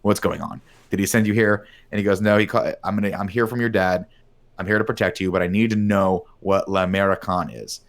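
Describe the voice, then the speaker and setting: Fast-talking, low-voiced man recapping a film. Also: fairly even intonation. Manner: rambling, profane, acts out characters' lines. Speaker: podcast host recapping a film. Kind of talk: casual chat.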